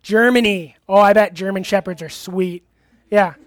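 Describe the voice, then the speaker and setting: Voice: mid-range voice, moderate pace, no echo. Chatty preacher questioning the audience. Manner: laughs easily, uses many fillers. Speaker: youth pastor. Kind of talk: interactive sermon. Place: church hall with a live audience.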